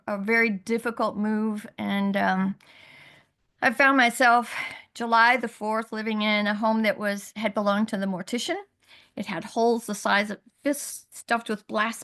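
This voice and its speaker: A middle-aged woman on a video call, earnestly telling a hard personal story, halting and rising in pitch when upset. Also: vocal fry, a bit bright. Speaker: guest sharing her story. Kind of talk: emotional personal testimony.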